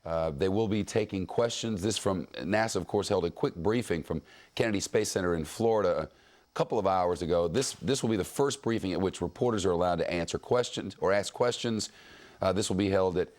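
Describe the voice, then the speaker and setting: A male news anchor taking over live breaking news coverage. His low voice is somber and deliberate, with a few fillers between phrases. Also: a little mellow.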